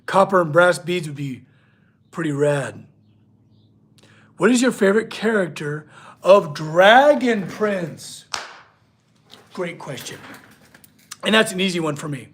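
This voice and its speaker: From his workshop, a blacksmith hosts a casual livestream, chatting with viewers and talking to his dog. His voice is high-pitched with a breathy edge.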